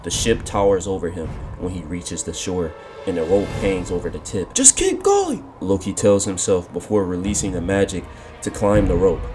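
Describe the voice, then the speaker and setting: A man reading a scripted fan-fiction story, calling out the action beat by beat in steady narration. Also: low-pitched, moderate pace. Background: background music.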